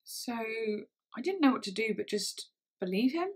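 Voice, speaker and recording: A woman telling a personal story in a storytime vlog, speaking haltingly with frequent pauses and restarts. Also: fairly high pitch, very animated, slightly rough. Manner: halting, hesitant speech with many restarts. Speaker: vlogger.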